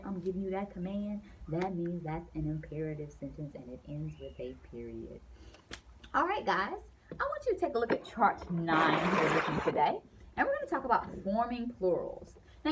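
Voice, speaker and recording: Animated woman teaching a grammar lesson. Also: on the low side, a little hiss or hum. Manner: animated, sing-song, playful voices for example sentences.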